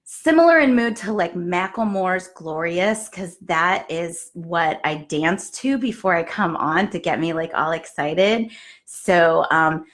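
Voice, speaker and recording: A woman hosting a live stream, bubbly and excitable, chatting with her viewers. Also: on the low side, slow pace. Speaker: fitness business show host. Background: faint music.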